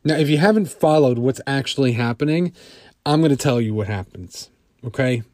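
A man's voice: medium pitch, expressive, normal speed, darkish tone, dry recording, clean studio sound. A man telling a personal story in a conversational way, full of fillers.

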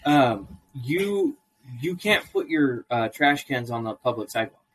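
A man's voice: mid-range voice, expressive, a little slow, a little hiss or hum. A man on a casual podcast, ranting in a profane, storytelling way. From Idaho, US. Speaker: co-host.

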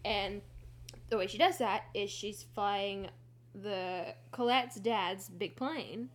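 A young woman co-hosting a book podcast, recapping the plot excitedly with lots of fillers. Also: medium pitch, takes it slowly. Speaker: podcast co-host. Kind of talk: casual book podcast chat.

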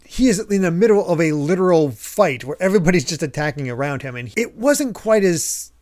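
Man, podcast host, fairly high voice, dry close sound, animated, laughs a lot. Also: a little fast, no room sound. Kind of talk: casual chat.

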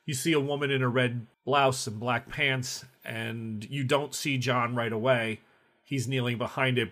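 A man runs a tabletop horror game, describing each scene in steady detail. His voice sits at an ordinary middle pitch. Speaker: game master.

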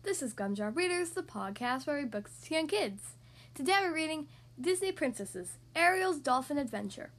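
High-voiced lady reading a kids storybook on her podcast, bright and expressive. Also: normal speed. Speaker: podcast host and reader. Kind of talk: reading a picture book aloud for children.

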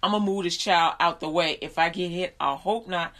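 A woman telling a story in a casual, conversational way, with fillers and restarts, who becomes animated as she retells it. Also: on the low side, moderate pace. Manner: animated, laughs and shouts while retelling. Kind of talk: casual storytelling with faith talk.

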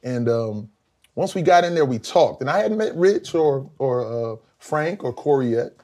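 A middle-aged man from South Carolina, a guest telling lively stories in a casual interview, acting out quotes with big jumps in his voice. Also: moderate pace. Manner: animated storyteller, acts out quotes with big pitch jumps. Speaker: guest, former band vocalist.

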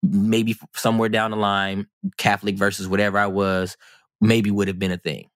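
A man's voice: on the low side, little pitch movement, normal speed, dry recording, clean studio sound. A man telling a personal story on a podcast in a casual, rambling, self-mocking way. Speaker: podcast guest.

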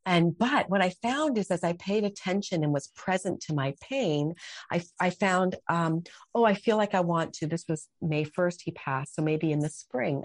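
A woman's voice: sits low, no echo. A middle-aged woman talking as a podcast guest, earnest and heartfelt, often restarting her sentences. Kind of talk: conversational interview.

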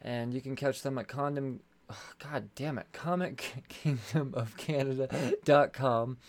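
Speaking a little slowly in a mid-range voice, a man hosting a podcast handles a casual solo ad read. He wanders through the sponsor messages, swearing and tripping over his words.

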